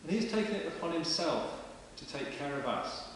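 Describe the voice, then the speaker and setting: A man's voice: fairly high pitch, expressive, normal speed. A man preaching a sermon in a parish church, in a chatty, plain-spoken way. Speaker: vicar. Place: large stone parish church. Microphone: distant camera mic. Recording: echoey church from far off with hiss.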